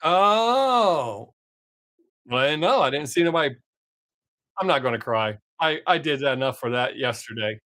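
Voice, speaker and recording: A man hosts his own live stream, laid-back and profane, reading viewers' comments and addressing chat members by name. His mid-range voice is a bit bright and a little fast, captured in a dry, clean studio recording.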